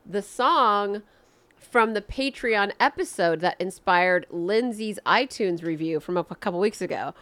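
A young woman co-hosting a comedy podcast with a wry, deadpan delivery. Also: medium pitch, a little slow. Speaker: podcast co-host. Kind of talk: casual comedic chat.

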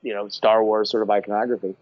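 A man guest on a podcast, giving animated, emphatic opinions in casual chat. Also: fairly low pitch, quick pace, dry recording. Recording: dry, slightly dull sound.

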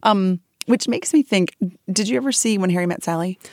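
A woman co-hosting a podcast, chatting casually in an animated, giggly way with lots of filler words. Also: mid-range voice, fast talker.

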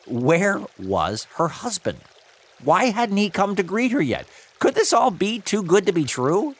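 A man hosting and narrating a story in an expressive, playful manner. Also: sits high, measured pace. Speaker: host and narrator.

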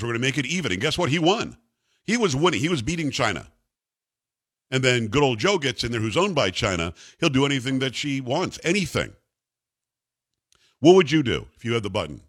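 A man's voice: medium pitch, brisk, breathy edge. Emphatic male talk radio host. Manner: emphatic, animated, mocking voices. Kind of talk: opinionated talk radio monologue.

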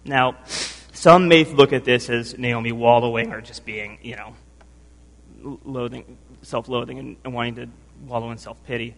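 A man's voice: medium pitch, steady tone, normal speed, creaky, a bit bright. Earnest, emotional male preacher in a hall. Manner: emotional, earnest, with many restarts and "right?" tags. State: tired from lack of sleep. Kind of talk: sermon. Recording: long hall reverb.

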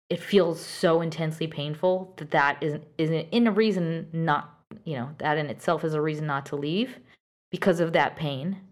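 A woman hosting an advice podcast, talking earnestly and directly to a listener, with frequent fillers and restarts. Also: deep voice.

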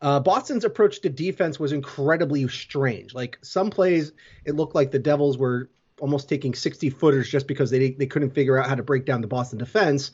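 A man's voice: medium pitch, a little fast, a little mellow, breathy edge, highs cut off. A man casually recapping a hockey game as a podcast co-host, telling the plays step by step with fillers. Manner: play-by-play storytelling with fillers.

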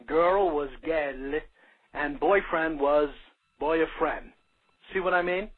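A man's voice: a little high, normal speed. An older man from Brooklyn, New York, reading his own short story aloud in a plain, earnest way. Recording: narrow phone-like sound.

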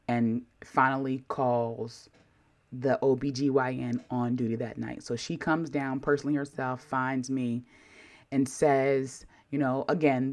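Low-pitched woman vlogging, sassy and animated, talks right to her viewers. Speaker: vlogger telling a personal story. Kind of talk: casual storytelling to camera.

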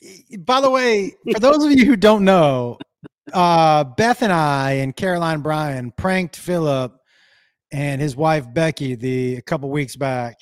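Man, host, casual live chat, high pitch, very lively, dry sound. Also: unhurried, dry recording. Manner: animated, laughs loudly.

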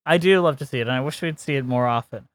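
A man's voice: medium pitch, fast, no room sound. A man co-hosting a podcast, chatting casually and giving strong opinions, laughing often. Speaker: podcast co-host. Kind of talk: casual chat.

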